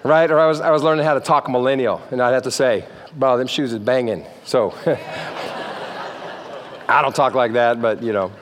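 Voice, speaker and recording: A man's voice: medium pitch, fairly even intonation, normal speed, long pauses, long reverb tail, slight background noise. A man preaching a sermon in a church, playful and joking, often checking in with the crowd. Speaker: pastor. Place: church sanctuary.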